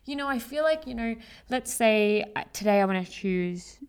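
A woman's voice: fairly high pitch, expressive, normal speed, clean tone. A young woman hosting a casual solo podcast, chatty and full of slang, fillers and swearing. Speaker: podcast host. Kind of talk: casual motivational monologue.

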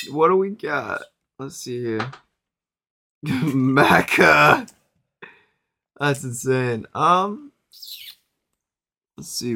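A laid-back man calls out prompts for a fill-in story game in relaxed slang. He talks slowly, in a mid-range voice. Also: mid-range voice. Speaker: host asking for fill-in words. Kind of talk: casual banter.

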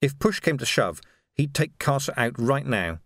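A man reads an audiobook, telling the story in a calm, measured way. His voice sits at a medium pitch, and the recording is dry with a clean studio sound.

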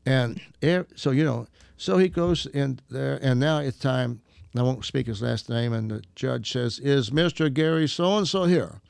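A man's voice: medium pitch, measured pace, creaky, smooth, no room sound, clean studio sound. A man casually telling a story, acting out the people in it and laughing often. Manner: animated, acts out quoted voices, laughs often. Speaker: guest storyteller.

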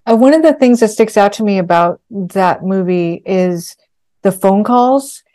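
Female podcast host, warm mellow tone, chatty and curious. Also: medium pitch, lively intonation, measured pace. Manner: chatty, thinks aloud with fillers. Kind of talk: casual interview questions.

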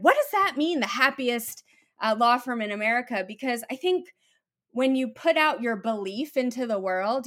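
A woman hosting a podcast, thoughtfully summing up what her guest said with enthusiasm. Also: mid-range voice. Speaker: podcast host. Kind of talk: interview host reflecting.

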